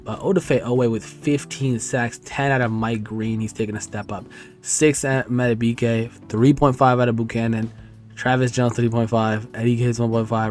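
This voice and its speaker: A man's voice: on the low side, darkish tone. A tired young man giving frustrated, profane commentary on his football video game season as a gaming YouTuber. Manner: swearing, frustrated rambling. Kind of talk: casual gameplay commentary.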